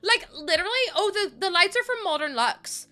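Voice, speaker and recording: Speaking fairly quickly in a very high, sharp voice with lively intonation, a young streamer chats casually with viewers while gaming at home. She laughs often and thanks people one at a time over faint background music.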